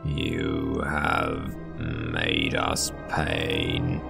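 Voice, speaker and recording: A man voicing a hive-minded monster made of many cells, speaking slowly and flatly of itself as "we" through a deep pitched-down filter. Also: gravelly, full character voice. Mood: flat, menacing. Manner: flat, slow, speaks as "we". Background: synth music.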